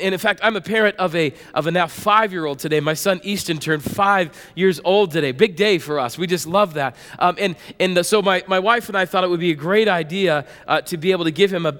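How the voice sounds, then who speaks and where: Male pastor, 30s, high pitched, lively storyteller, reverberant hall. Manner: conversational, animated storytelling with repetitions. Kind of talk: sermon.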